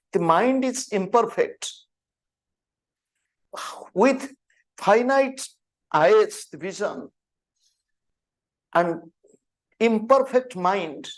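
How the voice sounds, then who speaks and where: A man in his fifties, a spiritual teacher telling stories slowly and deliberately, repeating words for emphasis. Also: sits high. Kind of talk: storytelling spiritual talk.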